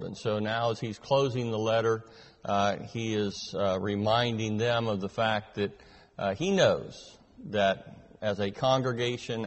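A man leading a Bible class, teaching verse by verse in a measured way with frequent filler pauses. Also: on the low side, in a large hall. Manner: measured, hesitant with many fillers.

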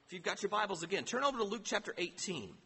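Male pastor, emphatic sermon delivery, bright tone, reverberant hall. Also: sits high, animated, fast talker, creaky, slight background noise. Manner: emphatic, asks rhetorical questions.

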